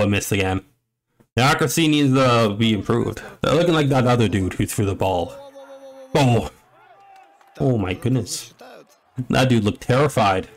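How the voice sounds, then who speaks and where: A young man giving a casual play-by-play reaction, rambling and joking with frequent exclamations. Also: medium pitch. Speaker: reaction commentator.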